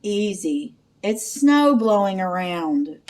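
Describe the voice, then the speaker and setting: A steady, confident young man with a calm, reassuring manner, as a woman reads his part aloud. His voice sits a little lower than the story around him, and the pace stays slow. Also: recorded from a distance.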